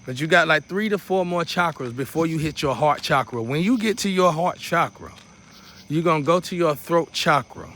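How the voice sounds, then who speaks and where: In a sharp, fairly high voice with lively intonation and a moderate pace, a man who works as a spiritual teacher leads a guided meditation. His manner is loose and casual, full of repetition and preacherly asides.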